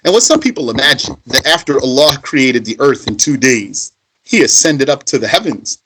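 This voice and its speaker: With a mid-range, fairly bright voice and lively intonation, a man reads Arabic passages from a religious text and explains each line in conversational, emphatic English at a moderate pace. The recording is rough, with slight background noise.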